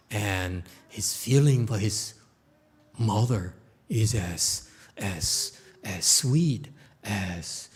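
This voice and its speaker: A man's voice: lowish voice, breathy edge. A man teaching as a Buddhist lecturer, telling a story in an informal way and often checking in with "okay?". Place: temple lecture hall.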